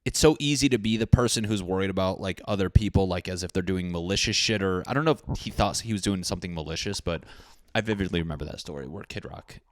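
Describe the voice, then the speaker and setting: A man's voice: low voice, fast talker, dry recording. A man hosting his own podcast, talking in a rambling, profane, jokey way. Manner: profane, rambling, puts on comic voices. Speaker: podcast host. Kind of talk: solo podcast rant.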